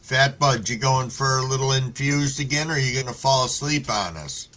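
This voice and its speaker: A stoned man hosts a live stream, reading viewer comments and chatting in a laid-back, rambling way while swearing freely. His voice is medium-pitched and moderately paced, with a bright, forceful tone. There's slight background noise.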